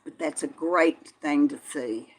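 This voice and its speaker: An older woman, talking in a slightly low voice. She chats easily and folksily, greeting viewers by name as she reads the live chat. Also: unhurried. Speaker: vlog host reading live chat. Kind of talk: casual live-stream chat.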